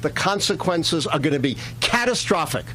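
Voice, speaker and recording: Casting: author type, man, slightly high voice, lecturing and emphatic. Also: big pitch swings, normal speed, sharp tone, slight background noise. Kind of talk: interview clip.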